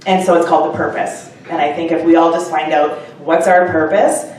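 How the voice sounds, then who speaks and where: A woman's voice: low voice, a little fast, distant mic, slight background noise. Chatty woman author in an echoey room. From Canada. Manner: chatty and animated, with many fillers and asides. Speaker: short story author at a book launch. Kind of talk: casual storytelling speech to a live audience. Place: upstairs room of a restaurant at a live event.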